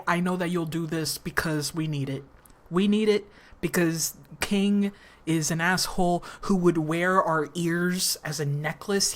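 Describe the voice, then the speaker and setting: A woman voicing a crude, bossy male troll king who gives orders with swearing. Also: on the low side. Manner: crude, commanding.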